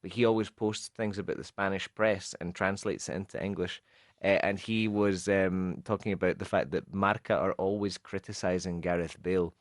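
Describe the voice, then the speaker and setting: Scottish man explaining English phrases slowly. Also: low voice, fairly even intonation, no echo, clean studio sound. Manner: patient, explains slowly with examples, mixes in Spanish. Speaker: radio co-host teaching English. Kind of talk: explaining English expressions on a radio show.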